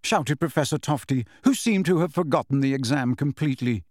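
A man's voice: mid-range voice, a little mellow, no room sound. Man narrating an audiobook, dry sound. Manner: measured storytelling with shifting character voices. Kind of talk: scripted narration.

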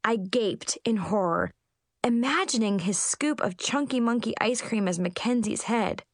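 A woman narrating a first-person storybook in an expressive, comic way. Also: fairly high pitch, unhurried, dry recording, studio quality. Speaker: audiobook narrator.

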